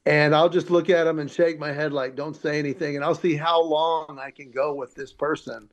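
Upbeat man telling stories, slightly high voice. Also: fairly even intonation, moderate pace. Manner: upbeat storyteller, acts out quoted dialogue. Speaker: comedian and speaker. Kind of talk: casual interview chat.

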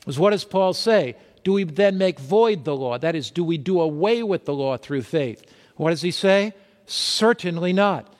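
Male preacher, higher-pitched voice, quizzes the congregation with rhetorical questions, sermon delivery, long reverb. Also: lively intonation, moderate pace. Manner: asks rhetorical questions and reads scripture aloud.

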